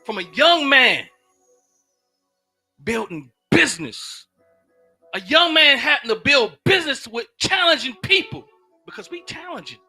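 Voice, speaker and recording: A man giving an impassioned sermon-style talk in a casual, preacherly way, swinging from loud shouts down to low murmurs and repeating phrases. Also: sing-song, measured pace, pauses often, soft background music. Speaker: speaker giving a teaching.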